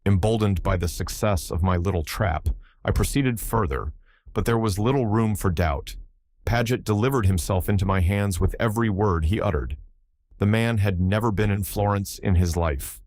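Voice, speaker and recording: A man narrating a novel in the first person, in a measured storytelling manner. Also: fairly low pitch, a little mellow. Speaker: audiobook narrator.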